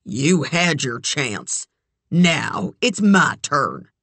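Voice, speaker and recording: A reader performs a possessive, menacing man in an audiobook thriller. He draws his words out slowly in a low, measured voice that can break into shouting. The recording is close and dry. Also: sing-song, no echo, full character voice. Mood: obsessive. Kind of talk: audiobook character voice.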